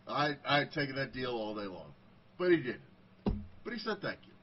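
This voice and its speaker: A middle-aged American man tells casual personal stories in a sing-song, mid-range voice at normal speed. He's conversational and acts out the quoted dialogue, and the audio is slightly dull with faint background hiss.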